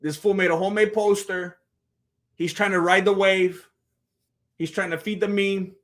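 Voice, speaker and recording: His voice sits high and his pace is moderate as this young man chats on a live stream about a fight video. He plays the people in it, narrating like a lively storyteller.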